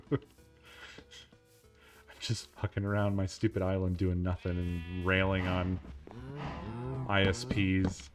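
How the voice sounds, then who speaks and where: A man's voice: deep voice, flat delivery, slow, pauses often, faint music behind. A man streaming a game, chatting casually, laughing often, swearing and rambling. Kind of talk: casual gameplay stream chat.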